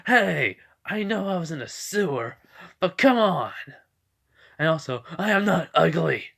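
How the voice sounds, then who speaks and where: A man's voice: fairly high pitch, moderate pace, bright, forceful tone. A man voicing a boastful, touchy sludge monster from the sewer who whines indignantly.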